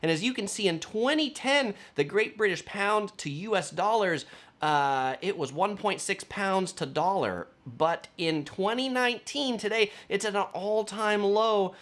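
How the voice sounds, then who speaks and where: A chatty man hosting a travel vlog, rambling along with plenty of fillers. His pitch moves up and down a lot as he talks. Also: expressive, unhurried, fairly bright tone. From United States. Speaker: travel vlogger. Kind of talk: casual travel vlog talk.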